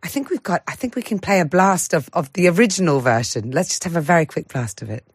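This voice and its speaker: A woman radio interviewer asking measured, probing questions with long lead-ins. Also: lowish voice, lively intonation, over loud music.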